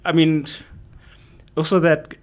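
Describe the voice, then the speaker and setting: A man's voice: a little high, little pitch movement, takes it slowly. A man co-hosting a podcast, talking in a laid-back way and quoting people in mock voices. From South Africa. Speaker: podcast co-host. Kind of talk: casual chat.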